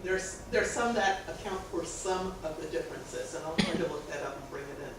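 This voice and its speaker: A man's voice: fairly high pitch, a little fast, background noise. A male student in a classroom discussion, thoughtfully comparing grammar rules between languages. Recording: echoey classroom from far off.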